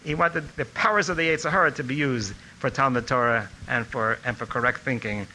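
A man's voice: medium pitch, a little fast, a little hiss or hum, poor audio. An older man telling anecdotes about his former teacher in a reminiscing speech. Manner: storytelling, animated when quoting others. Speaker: former student giving a tribute talk.

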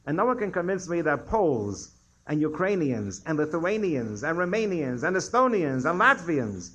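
A man's voice: fairly high pitch, big pitch swings, moderate pace, fairly bright tone, slight background noise, poor audio. An older man, a rabbi, lecturing students and taking their questions, telling stories between points and rising sharply for emphasis. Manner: digressive storyteller, emphatic rises on key points.

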